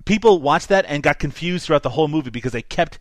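A young man hosting a casual movie review podcast, animated and profane, laughing often. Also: on the high side, quick pace, dry recording, clean studio sound. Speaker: podcast host.

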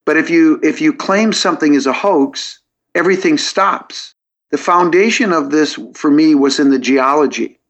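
His voice is a little high and a bit bright, at normal speed. A podcast guest, he earnestly explains his reasoning step by step in a logical narrative full of restarted sentences. The recording is dull and lo-fi.

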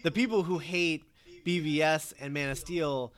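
A man's voice: a little high, moderate pace, a bit bright. A man in casual conversation who explains his points at length in a lecturing way. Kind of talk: casual chat.

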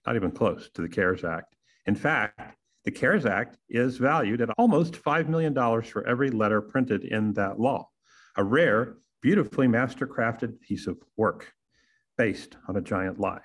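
A husky-voiced man with a drawl, hosting his own show. He delivers a scripted monologue with sarcastic, punchy turns and pointed rhetorical questions, at a middling pitch. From Texas. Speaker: podcast host.

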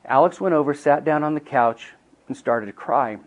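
A man's voice: on the high side, moderate pace, lo-fi sound. Earnest middle-aged man telling a story. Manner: earnest, building from hushed to emphatic. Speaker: speaker teaching counselors. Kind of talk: storytelling teaching talk.

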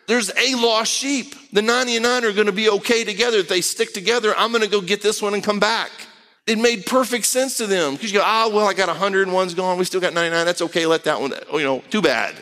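Man, preacher, high voice, conversational sermon, scripture reading, echoing hall. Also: fairly bright tone. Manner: conversational, acts out quick voices.

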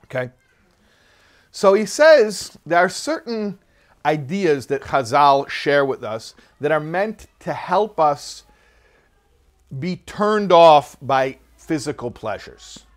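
A man leads a classroom lesson on a religious text, talking in an animated, lively way. His voice sits a bit higher than most men's. He stops and restarts often, and he slips into quick acted-out voices to make his points. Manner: animated, acts out quoted people, many restarts. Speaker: Torah teacher.

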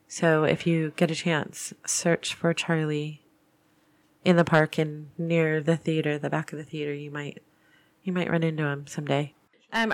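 Low-voiced woman spinning a ghost story. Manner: chatty, rambling, with frequent restarts. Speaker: paranormal podcast host. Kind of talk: casual storytelling.

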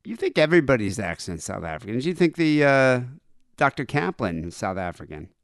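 A man co-hosting a crude comedy podcast, wry and joking. His pitch moves a lot, and he is recorded close and dry. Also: very animated, brisk, no echo. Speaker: podcast co-host.

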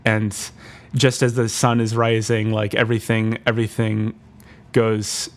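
A man co-hosting a comedy podcast, retelling a made-up plot in a rambling, deadpan way with constant restarts. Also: fairly low pitch, a little slow. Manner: rambling, full of fillers and restarts, deadpan storytelling. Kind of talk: comedic improvised story retelling.

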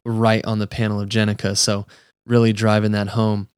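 A man's voice: on the low side, flat delivery, normal speed, clear, resonant tone, no echo, studio quality. A man hosting a podcast, chatting enthusiastically about a comic book issue with a guest. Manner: enthusiastic, chatty, lots of "like" and "dude". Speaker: podcast host. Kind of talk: casual comic book review chat.

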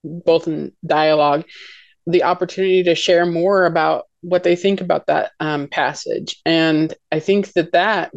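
Gentle woman on a faith podcast. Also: sits low, steady tone, unhurried, vocal fry, no room sound, muffled recording. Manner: gentle, thoughtful, many "um"s and "like"s. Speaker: podcast co-host. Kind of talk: casual faith talk.

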